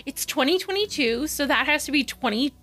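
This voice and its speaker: A woman's voice: high-pitched, expressive, brisk, fairly bright tone, faint music behind. A woman co-hosting a movie podcast, laughing often and steering the chat between topics. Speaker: podcast co-host. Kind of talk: casual comedic chat.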